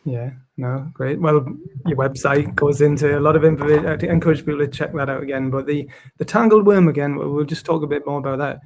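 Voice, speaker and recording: A man's voice: fairly high pitch, fairly even intonation, fast talker, few pauses, a little mellow. Geordie man hosting a casual chat. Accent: Tyneside Geordie. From Gateshead, Tyneside. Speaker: podcast host.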